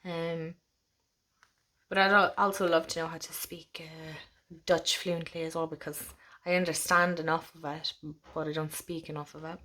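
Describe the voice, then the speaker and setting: A young woman with an Irish accent talks through a deck of cards in a loose, chatty way. Her voice sits a little low for a woman, and she slips between bright gushing and soft, hushed asides. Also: little pitch movement, normal speed. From Ireland. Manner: chatty, gushing, laughs often, drifts into soft whispers. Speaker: tarot channel host. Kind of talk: casual deck walkthrough.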